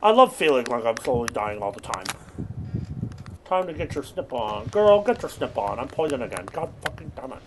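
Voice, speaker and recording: A young man giving rambling, absurd deadpan commentary while playing a video game. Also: mid-range voice, moderate pace, noisy background. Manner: rambling deadpan non-sequitur jokes. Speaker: gaming streamer. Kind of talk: absurd comedic gameplay commentary.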